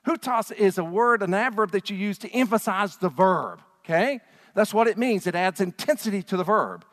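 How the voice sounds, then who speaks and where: A man preaching a sermon to his congregation in a church, emphatic and animated, with frequent rhetorical questions. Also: high voice, moderate pace. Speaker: pastor. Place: church sanctuary. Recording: long reverb of a large hall.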